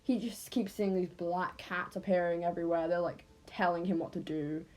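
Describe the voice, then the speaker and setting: A woman's voice: lowish voice, fairly even intonation, normal speed, a little mellow. A woman with an English accent, telling an unscripted story in a casual, rambling way and often correcting herself.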